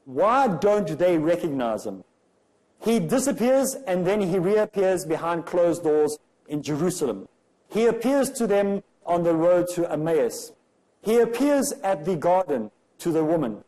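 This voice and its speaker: A man's voice: a little high, sing-song, a little slow, dark tone, rough recording. A man from Africa, giving an emphatic religious lecture full of rhetorical questions. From South Africa.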